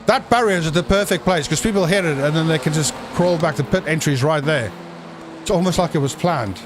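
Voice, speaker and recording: Excitable high-voiced race commentator. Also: male voice, brisk, background noise. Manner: excitable, jokey, bursts into shouts at crashes. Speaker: sim racing commentator. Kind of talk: live stream race commentary.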